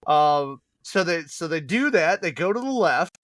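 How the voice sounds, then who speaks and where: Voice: mid-range voice, animated, measured pace, fairly bright tone, no room sound. A podcast co-host animatedly retelling a bad movie's plot in casual chat, acting out the characters and swearing freely.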